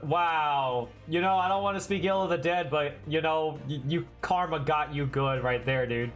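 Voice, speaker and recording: A man's voice: a little high, moderate pace, few pauses, a bit bright. Chatty male streamer over game music. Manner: chatty, exclaiming, slangy. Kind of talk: casual game commentary.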